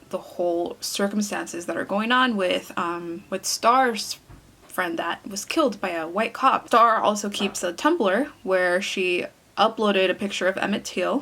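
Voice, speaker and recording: A woman's voice: mid-range voice, a bit bright. A young woman vlogging casually to her viewers, chatty and earnest, with frequent fillers and self-corrections. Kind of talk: casual vlog talk to camera.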